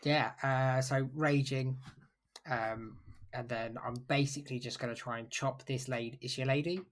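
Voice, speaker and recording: A player in a podcast tabletop game, loud and laughing, often cutting themselves off. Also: medium pitch, fairly even intonation, moderate pace. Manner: laughing, loud, self-interrupting. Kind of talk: casual tabletop game chat.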